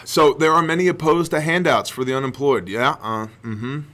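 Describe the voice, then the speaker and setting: A man delivers fervent faith-based commentary on his podcast, hammering home points with rhetorical questions and repeated lines. His voice is bright and forward, pitched at an ordinary middle register. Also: fairly even intonation, normal speed. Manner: preachy, rhetorical questions, emphatic repetition. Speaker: podcast host.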